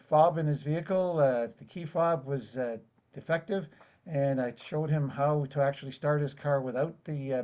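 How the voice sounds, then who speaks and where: A man who runs a car repair business, giving an easygoing, casual pitch at a networking meeting. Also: a little mellow. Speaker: car repair and dash camera business owner. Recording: dull lo-fi online meeting audio.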